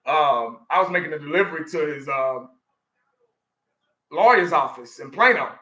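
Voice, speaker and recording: A man's voice: a little high, animated, moderate pace, sharp tone, echoey room. A middle-aged man from Texas, chatting casually to his viewers and rambling with lots of restarts. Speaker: fan channel host. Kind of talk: casual chat.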